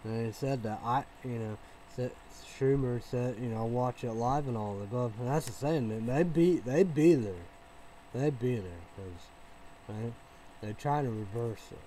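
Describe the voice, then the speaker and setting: A man in a casual vlog monologue, rambling and repeating himself, with many fillers and restarts, swinging between low mumbling and loud outbursts. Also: a little slow, slight background noise, rough recording. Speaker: vlogger.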